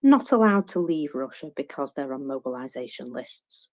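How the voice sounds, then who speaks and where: A man's voice: mid-range voice, lively intonation, normal speed, darkish tone. A man reading a defence update aloud in a casual online discussion, with hesitant fillers between passages. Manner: reads steadily with hesitant fillers. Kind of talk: casual discussion and read-out report.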